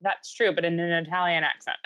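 A woman co-hosting a podcast, chatting casually and trading deadpan, sarcastic jokes. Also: fairly low pitch, dry recording. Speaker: podcast co-host. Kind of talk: casual comedic chat.

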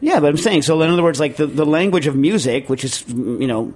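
A man hosting a podcast in casual chat, rambling with lots of fillers and jumping to high excited outbursts. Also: fairly quick. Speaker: podcast host.

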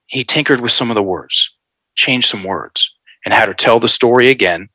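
A man telling a story in an animated, folksy way, calling his listeners folks. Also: medium pitch, normal speed, no echo, rough recording. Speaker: guest.

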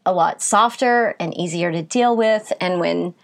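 A woman talking in a relaxed, candid way on a casual podcast. She laughs easily and drops the odd swear word. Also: on the low side, a little slow, creaky. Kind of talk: casual chat.

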